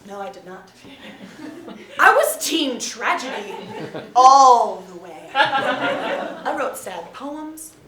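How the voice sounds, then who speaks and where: A woman who teaches theatre tells a lively, laughing story to a live audience. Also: high-pitched, slow, far from the mic. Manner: animated, laughing often. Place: performance room with an audience. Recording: echoey room, mic from afar, crowd noise.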